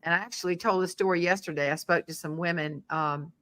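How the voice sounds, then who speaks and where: Her voice sits on the low side and she talks quickly: a middle-aged humorist guest from the American South, accent and all, telling a comic story during a casual chat. She brings it to life by acting out each person's voice.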